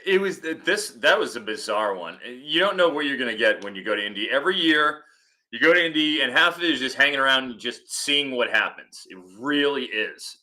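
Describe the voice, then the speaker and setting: Bright-voiced man telling animated stories. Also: lowish voice. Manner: animated storyteller, rambling with restarts. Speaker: football analyst on a podcast. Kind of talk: casual podcast chat.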